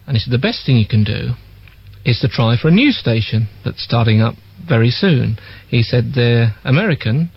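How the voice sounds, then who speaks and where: An older man with an English accent, a former radio disc jockey telling lively anecdotes and acting out the voices he quotes. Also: mid-range voice, moderate pace, gravelly, husky, muffled recording. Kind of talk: reminiscing storytelling.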